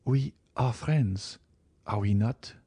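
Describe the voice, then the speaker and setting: A man's voice: medium pitch, normal speed, dark tone, dry recording, pitched above the performer's own voice, lightly acted. A man voicing Mercédès, a plaintive pleading countess. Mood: searching. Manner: plaintive, tremulous. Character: sorrowful pleading noblewoman, middle-aged. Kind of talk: audiobook character reading.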